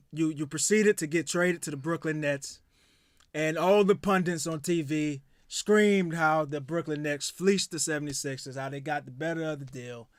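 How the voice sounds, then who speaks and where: High-voiced man ranting about sports. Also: fairly bright tone, no room sound. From United States. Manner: profane heated rant. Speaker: podcast co-host. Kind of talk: casual sports podcast chat and rant.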